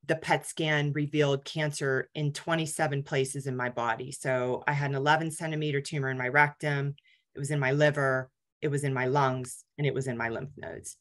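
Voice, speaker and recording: A woman's voice: low-pitched, a bit bright. A woman in her forties giving a candid, conversational talk as a guest speaker, with many fillers. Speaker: guest speaker, cancer survivor. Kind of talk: personal story talk.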